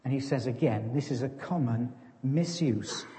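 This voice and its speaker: A man preaches to his congregation in an easy, conversational way, poking fun at himself. His voice is mellow and relaxed. The sound rings with the long reverb of a church. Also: mid-range voice, normal speed, a little hiss or hum. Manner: conversational, self-deprecating, plays farmer joke. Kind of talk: sermon.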